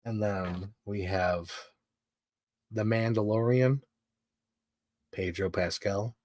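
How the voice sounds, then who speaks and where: This low-ish male voice is fairly even in intonation, slow and a little mellow. He's live streaming his collectibles in a loose, rambling fan chat packed with fillers, recorded clean in a studio with no room sound.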